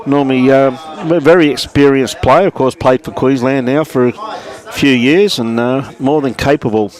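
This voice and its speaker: This Australian-accented man commentates live lawn bowls from inside a club, easygoing as he calls each shot and says hello to viewers by name. He speaks at medium pitch and a moderate pace.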